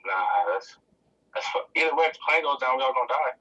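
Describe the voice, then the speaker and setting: A young man co-hosting a casual podcast, full of joking banter and quick laughs. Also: medium pitch, animated, pushed and bright, slightly rough, recorded from a distance, highs cut off. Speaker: podcast co-host. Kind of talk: casual chat.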